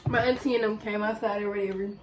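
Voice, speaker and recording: A young woman vlogger, telling a story in a casual, animated way while eating on camera. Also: medium pitch, fast, slight background noise, low-quality recording. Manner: lively, animated retelling with acted quotes. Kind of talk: casual storytelling during a mukbang.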